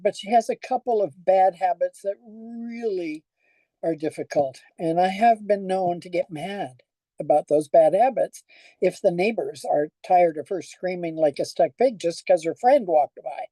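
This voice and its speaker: A woman's voice: lowish voice, a little slow, warm tone, no room sound, low-quality recording. An older woman pastor giving a conversational sermon, telling stories and asking the congregation questions.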